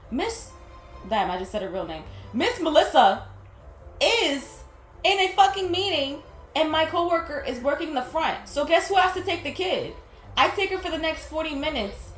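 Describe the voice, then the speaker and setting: A young woman telling a work story in a casual rant, candid and exasperated, swearing freely and stumbling over her words. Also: high voice. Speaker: vlogger. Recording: roomy echo, faint music.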